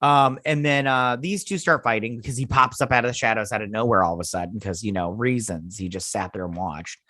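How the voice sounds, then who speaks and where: A man's voice: lowish voice, a little fast, sharp tone, no room sound, studio quality. A man hosting a casual review of a TV episode, ranting sarcastically and swearing. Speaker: host.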